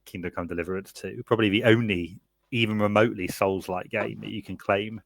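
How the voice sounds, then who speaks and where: A man's voice: on the low side, fairly even intonation, a little fast, vocal fry, dry recording. A man co-hosting a podcast, talking casually and animatedly, with many fillers and laughs. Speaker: podcast co-host. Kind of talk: casual chat.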